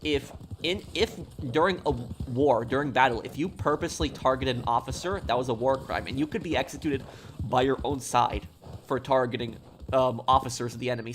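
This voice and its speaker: Man, streamer, rambling casual talk, lots of fillers, middle pitch, noisy background. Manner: rambling, many fillers and restarts. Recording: steady background noise.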